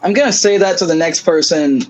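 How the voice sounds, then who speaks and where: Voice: medium pitch, a little fast, a little hiss or hum, low-quality recording. A streamer in casual chat on a game stream who riffs on absurd jokes. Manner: joking, riffs on absurd bits.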